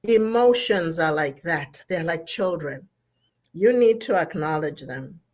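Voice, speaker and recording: With a fairly low, slightly mellow voice and lively intonation, a Zambian woman speaks a little slowly. She's a therapist addressing an online gathering with an emphatic, motivating message on mental health, repeating key terms and spelling them out for emphasis.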